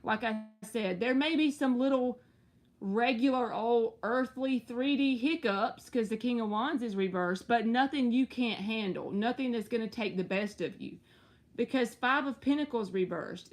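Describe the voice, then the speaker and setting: A woman hosting a live tarot reading, talking in a chatty, reassuring way with playful slang. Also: fairly high pitch.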